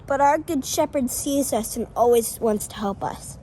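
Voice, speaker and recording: A woman's voice: high voice, normal speed, dark tone, slight background noise, lightly acted, low-quality recording. A woman voicing a thoughtful, wise sheep who earnestly explains things to the flock in an amateur scripture drama. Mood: reflective.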